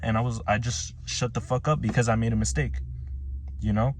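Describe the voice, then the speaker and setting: A man's voice: mid-range voice, flat delivery, moderate pace, slight background noise. A young man telling a work mishap story in casual, profane slang, full of restarts and filler words.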